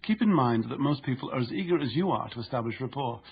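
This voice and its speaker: A man narrating an instructive audiobook in a steady, explanatory way. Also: mid-range voice, fast, muffled recording.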